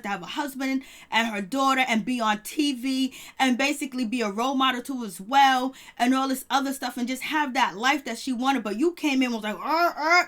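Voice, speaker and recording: A woman reviewing reality TV in casual chat, animated, laughing often and mimicking the people she talks about. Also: high-pitched.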